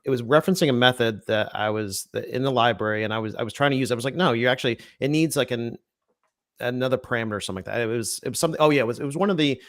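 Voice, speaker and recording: A man's voice: mid-range voice, dry recording, studio quality. A man co-hosting a developer podcast, talking casually and searching for words as he goes. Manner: quick, hesitant, searching for words. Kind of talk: casual tech chat.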